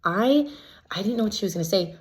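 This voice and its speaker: A woman casually recapping events as a reality show contestant, chatty and full of "like" fillers, lively when she quotes others. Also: medium pitch, brisk. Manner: chatty, filler-heavy with constant "like"; gossipy and animated when quoting others.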